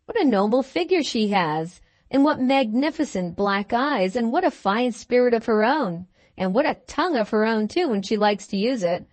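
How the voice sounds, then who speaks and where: A woman's voice: a little high, animated, moderate pace, no echo, lightly acted. A woman voicing a bluff, hearty young husband in a storybook, jovial and teasing. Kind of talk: storybook dialogue.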